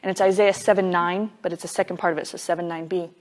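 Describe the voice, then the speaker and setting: A woman's voice: lowish voice, fairly even intonation, fast. A woman Bible teacher giving a conversational sermon, casual and emphatic, dropping frequent "like" fillers as she explains.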